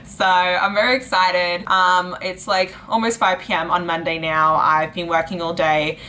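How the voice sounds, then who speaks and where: A young woman in her twenties, chatting casually to camera in a reading vlog with lots of fillers, her voice jumping high when she gets excited. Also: measured pace, slight background noise. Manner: chatty and giggly, lots of likes and ums, jumps into high pitch when excited. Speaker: book vlogger.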